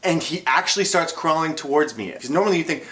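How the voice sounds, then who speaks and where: Young male storyteller, comic childhood anecdote, animated with sudden yells, roomy echo. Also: on the high side, fast, very noisy. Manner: animated, acts out his childhood self and yells in bursts; eats while talking. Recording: echoey room.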